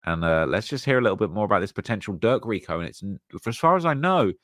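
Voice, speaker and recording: A man's voice: on the low side, animated, fast, fairly bright tone, no room sound, clean studio sound. A man hosting his channel, giving casual commentary on news and repeating himself with fillers. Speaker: channel host.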